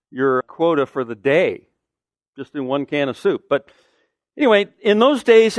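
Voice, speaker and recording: A man's voice: fairly high pitch, no room sound, studio quality. A man preaching a sermon as pastor, emphatic, asking the listeners questions and answering them.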